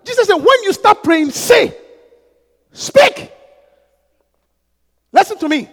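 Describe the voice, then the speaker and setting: Pastor, male, high bright voice, alternating hush and shouted prayer with tongues, long hall reverb. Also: expressive, fairly quick, gravelly. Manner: fervent, swings from hushed asides to shouted prayers; breaks into speaking in tongues. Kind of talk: sermon.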